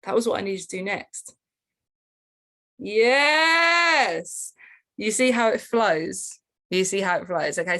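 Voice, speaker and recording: Woman coach talking thru a journal exercise, lively, lots of um and like, keyboard clicks behind. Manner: animated, with pitch jumps and frequent fillers. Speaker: spiritual coach. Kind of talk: casual teaching walkthrough.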